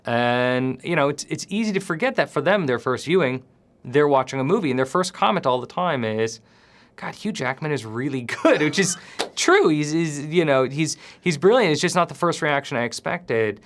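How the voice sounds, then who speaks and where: A male film director answering interview questions in a thoughtful, measured way. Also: a little high, lively intonation, fairly bright tone. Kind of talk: press interview.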